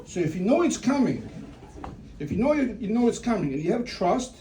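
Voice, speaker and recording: A man's voice: sits high, very animated, brisk, warm tone. Guy telling a story at a family thing, lots of rhetorical questions, mic kinda far off, a little room hum. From Russia. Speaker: family member giving a eulogy. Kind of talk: informal religious talk at a family gathering. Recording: distant mic with faint room noise.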